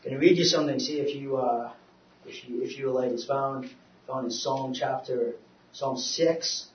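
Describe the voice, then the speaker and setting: A man delivers a sermon, halting and repeating himself, rising to loud urging and dropping to near quiet. His voice sits at an ordinary pitch and comes from some distance. The hall is roomy, with a dull, muffled recording quality. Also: steady tone. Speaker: speaker on depression, preacher. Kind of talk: sermon with personal testimony.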